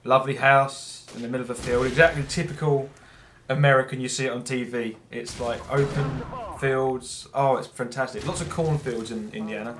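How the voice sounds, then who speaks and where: A man's voice: medium pitch, fairly even intonation, normal speed, background noise. A young man with an English accent, chatting casually and rambling while commentating his own gameplay. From England. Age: young adult. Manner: rambling, chatty, self-deprecating. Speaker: gamer giving commentary.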